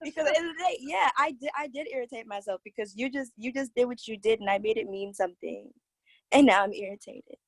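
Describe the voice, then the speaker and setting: A woman's voice: a little high, fast, no echo. A young woman in her early twenties, telling a story animatedly and giggly in a casual chat. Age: 20s.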